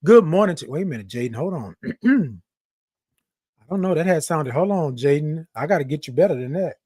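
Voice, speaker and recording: Reading viewer comments with playful energy, a Texan livestream host speaks in a voice on the high side, dark-toned with a breathy edge and lively intonation, at a moderate pace. It's a casual morning stream with studio-quality sound and no echo.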